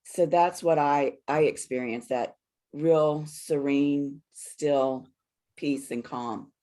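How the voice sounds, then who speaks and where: A woman with a very low voice speaks slowly and softly, guiding a spiritual group. She sounds calm and reassuring as she hosts over a video call. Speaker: host of a spiritual group session.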